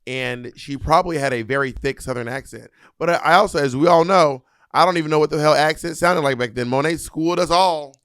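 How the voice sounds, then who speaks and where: A man co-hosting a comedy podcast, teasing and quick with deadpan asides. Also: a little high, smooth, dry recording, studio quality. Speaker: podcast co-host. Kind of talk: casual comedic chat.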